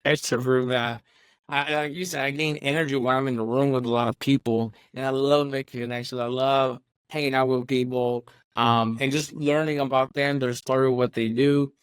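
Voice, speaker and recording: A man hosting an interview podcast, relaxed and affirming, talking casually with plenty of fillers. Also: medium pitch, normal speed, smooth, no echo. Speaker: podcast host.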